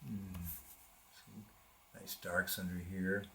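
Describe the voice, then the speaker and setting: An older man talks through a watercolor demonstration in a studio, musing aloud as he works. His voice sits low with a gravelly edge. He trails off mid-thought and picks the sentence up again. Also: level tone, slow pace, fairly bright tone, a little hiss or hum. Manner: thinking aloud while painting, trailing off and restarting. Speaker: art instructor. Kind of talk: live painting demonstration. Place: art studio with a live model.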